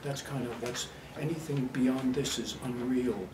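A man's voice: mid-range voice, unhurried, noisy background. A man leading an acting workshop for a class, blunt and demonstrative, laughing often as he talks. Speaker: acting teacher. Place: workshop room with a live class. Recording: echoey room, mic far off.

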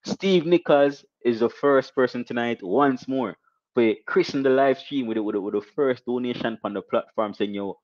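A young Jamaican man hosting a casual live stream, shouting out viewers and reading donations with animated, repetitive catchphrases. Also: mid-range voice, normal speed, no room sound, highs cut off.

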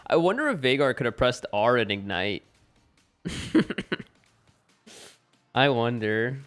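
A man giving live gameplay commentary as a streamer at home, excitable and bursting into yells and laughs. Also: mid-range voice, takes it slowly, soft background music. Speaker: gaming streamer. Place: home room with window open.

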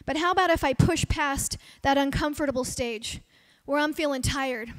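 High-voiced woman pastor preaching. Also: normal speed. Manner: earnest, acts out heartfelt prayers aloud. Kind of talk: sermon. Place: church service.

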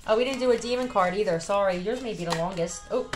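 A tired woman with a Philadelphia accent does a casual tarot reading, blunt and chatty and swearing plenty. Her voice is medium-pitched and fast, recorded in an echoey room with faint music in the background.

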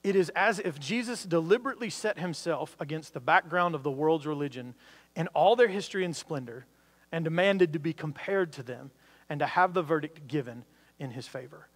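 A man's voice: on the high side, expressive, brisk, long reverb tail. A man preaching a sermon, talking earnestly with frequent restarts and building emphasis. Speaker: pastor.

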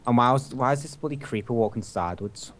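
A young man chatting casually while playing a game with friends, getting excitable and cursing at the mobs. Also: mid-range voice, quick pace, a crowd in the background. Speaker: gamer. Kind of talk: casual gaming chat.

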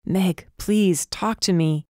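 A woman's voice: on the low side, slow, a little mellow, no room sound, studio quality. A woman doing a blunt young bodyguard. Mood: stubborn. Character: guarded young man, undercover bodyguard, blunt. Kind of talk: audiobook character voice.

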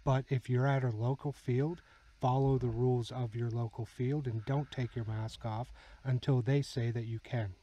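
Guy talking over his gameplay clips, steady mid voice, chill how-to tips, little laughs here and there. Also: medium pitch, moderate pace, slight background noise, rough recording. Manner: calm instructional tips with easy chuckles. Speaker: channel host. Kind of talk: voice-over commentary on game footage.

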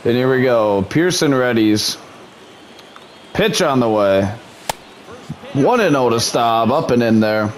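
Over slight background noise, a man with a medium-pitched voice gives play-by-play commentary on his own gameplay in a pretend broadcaster style. He's a gaming YouTuber who mutters in frustration between calls.

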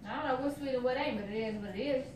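A woman's voice: high-pitched, racing, roomy sound, distant mic, background noise. A woman in a home prank video, bluntly and profanely ordering her boyfriend out of the house. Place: inside a home.

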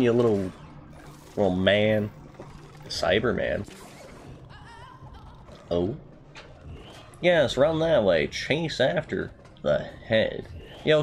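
Excitable joking man gaming. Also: fairly low pitch, a little hiss or hum. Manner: jokey, excitable, swears and yelps at the game. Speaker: gamer. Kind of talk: let's play commentary.

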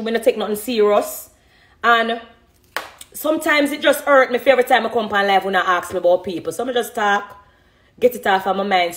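A woman in her thirties with a Jamaican accent, chatting on a phone live stream, reading comments and laughing often. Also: mid-range voice. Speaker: dancehall artist on a live stream. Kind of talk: casual live-stream chat.

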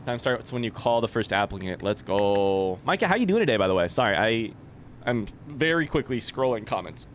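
A man's voice: fairly low pitch, big pitch swings, fairly quick, a little hiss or hum. A young man doing live let's-play commentary, chatting with viewers and reading game text aloud.

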